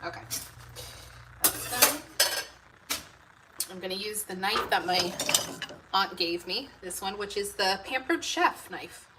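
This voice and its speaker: A woman's voice: mid-range voice, animated, takes it slowly, pauses often, distant mic. A woman hosting a live cooking stream from her home kitchen, rambling casually to viewers and reading their comments aloud. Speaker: homemaking channel host. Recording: loud background noise in a home kitchen.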